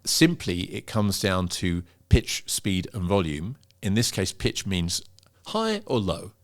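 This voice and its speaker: A middle-aged man, a pitch coach, explaining in an interview and demonstrating vocal emphasis. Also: measured pace. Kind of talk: interview conversation.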